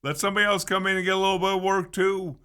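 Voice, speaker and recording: A man co-hosting sports talk, calmly pushing back with reasons. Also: sits high, rapid-fire, smooth. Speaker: sports radio co-host.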